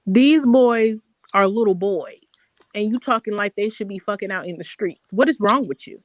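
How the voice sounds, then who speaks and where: A woman's voice: mid-range voice, moderate pace, poor audio. Woman panelist, indignant emphatic delivery, light background hiss. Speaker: panel guest. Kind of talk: casual livestream panel chat.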